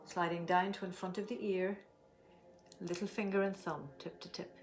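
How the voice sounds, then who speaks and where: Lowish-voiced woman doing a slow soothing tapping lesson, draws out the calm bits. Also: soft background music. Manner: slow, soothing guidance with drawn-out affirmations. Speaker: tapping and breathing teacher. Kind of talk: guided tapping session.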